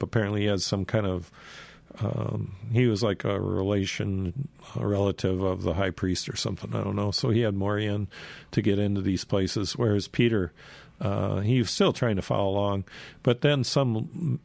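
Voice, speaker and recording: A man's voice: on the low side, gravelly, darkish tone, no echo. A man casually retelling Bible stories in a rambling way, full of fillers and asides.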